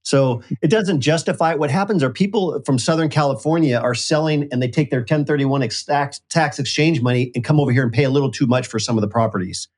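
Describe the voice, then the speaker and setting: A man's voice: mid-range voice, fast talker, few pauses, darkish tone. A man, a real estate investor guest, explaining deals in an emphatic, casual way. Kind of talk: casual conversation.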